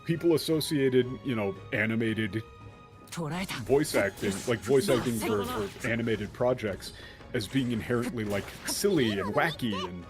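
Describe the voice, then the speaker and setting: A man's voice: mid-range voice, lively intonation, normal speed. A man chatting casually on a game stream, rambling and breaking off to restart his sentences. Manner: rambling, self-interrupting storyteller. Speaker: streamer co-host. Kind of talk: casual chat while gaming. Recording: game music playing behind.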